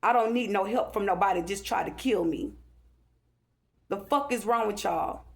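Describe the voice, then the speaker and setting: Woman, vlog rant, gravelly, medium pitch, profane, repetitive, agitated. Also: moderate pace. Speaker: vlogger. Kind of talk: angry rambling monologue to camera.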